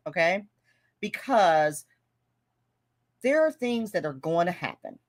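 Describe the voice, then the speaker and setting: A woman hosting a casual budgeting livestream, chatting, laughing and reading viewer comments aloud. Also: lowish voice. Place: home livestream.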